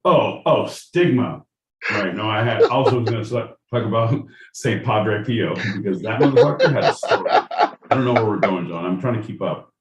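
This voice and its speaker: A man's voice: on the low side, normal speed, a loud crowd. Man talking profanely from a roomy distance. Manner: rambling, profane, jokey. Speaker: podcast co-host. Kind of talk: casual comedic chat. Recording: roomy, distant mic with faint noise.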